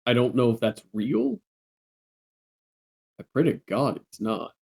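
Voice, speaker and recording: A man's voice: mid-range voice, very animated, a little slow, gravelly, a little mellow, slightly rough. A man narrating his moves at a tabletop game in a loose, joking way. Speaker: player.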